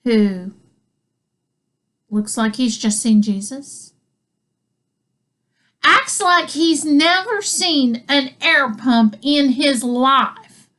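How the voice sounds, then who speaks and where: A woman's voice: high-pitched, animated, drawn-out words, pauses often, pushed and bright. A woman telling a comic story, rambling with asides and chuckling between lines. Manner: rambling, self-interrupting with asides. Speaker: comedian. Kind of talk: comedic storytelling.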